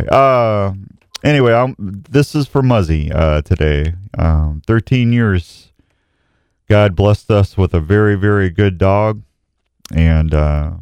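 A middle-aged man hosting a casual talk show, folksy and grieving, pausing slowly as he speaks. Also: on the low side, a little mellow, clean tone, no room sound. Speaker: radio show host.

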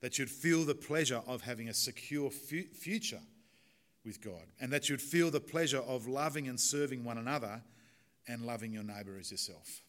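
A man preaching in an easy, chatty way, pausing on fillers as he goes. His voice sits at an ordinary middle pitch, and he speaks like a pastor talking to his own congregation. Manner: chatty and warm-hearted, with fillers and small laughs. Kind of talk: sermon with closing prayer.

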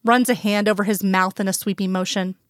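Smooth-voiced woman narrating fanfiction. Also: mid-range voice, brisk, no room sound, clean studio sound. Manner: calm storytelling, plain voices for quoted characters. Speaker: fanfiction reader. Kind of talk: scripted narration.

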